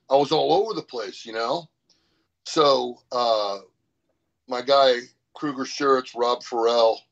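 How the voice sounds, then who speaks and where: A man with a gravelly, husky voice tells a story in a casual interview, animated and full of swearing. The sound is dull and lo-fi. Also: medium pitch. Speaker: powerlifter guest.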